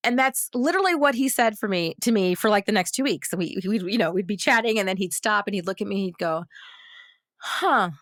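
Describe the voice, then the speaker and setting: A woman, a guest actress on a podcast round table, telling a personal story in a lively way and acting out the other people's voices. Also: mid-range voice, fast talker, few pauses, no room sound, studio quality. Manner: animated, acts out quoted voices.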